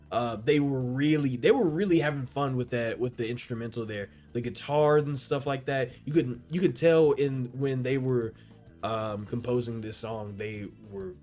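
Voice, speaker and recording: An anime reaction channel host with a mid-range voice talks casually and excitedly, often swearing and restarting his sentences. Faint music plays behind him.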